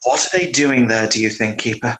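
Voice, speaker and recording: A powerful mage lord speaks in measured, formal sentences, as a game master voices him. He sounds tired and burdened, yet he keeps his authority. His voice sits at an ordinary middle pitch. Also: a bit bright, lightly acted, low-quality recording. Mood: troubled. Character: tall, powerful, authoritative male mage leader.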